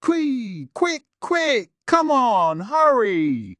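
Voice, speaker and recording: A man voicing a proud young woman knight who is panicking and close to tears, pleading in a high, strained voice. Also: very animated, very slow, a bit bright, dry recording, full character voice. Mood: frantic pleading. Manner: frantic, pleading, near tears. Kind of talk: audiobook character voice.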